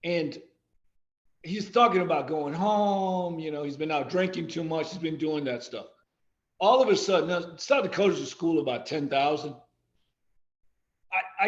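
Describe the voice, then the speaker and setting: Brief: male podcast guest, high-ish voice, animated anecdotes, roomy and muffled recording. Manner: animated anecdotes, quoting others. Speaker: guest, athletic director and former coach. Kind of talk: storytelling in a casual podcast interview.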